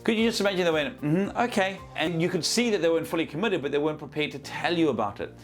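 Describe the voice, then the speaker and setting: A man's voice: a little high, racing, faint music behind. A man, a business trainer giving a conversational coaching talk to the camera and acting out small scenes as examples. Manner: lively, conversational, acts out examples.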